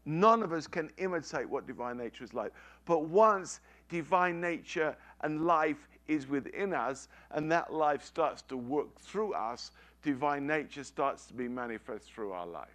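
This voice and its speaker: A man's voice: on the high side, lively intonation, a little slow, few pauses, a bit bright. A middle-aged man preaching a sermon, telling a family story with emphatic, repeated phrases.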